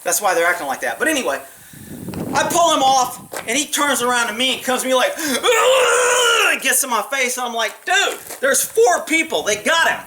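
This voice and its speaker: A man's voice: very high-pitched, quick pace, heavy background noise. A former police officer telling his own stories in a casual monologue. He is blunt and profane, and he acts out the voices of the people in his stories. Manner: blunt, profane, animated retelling with acted quotes.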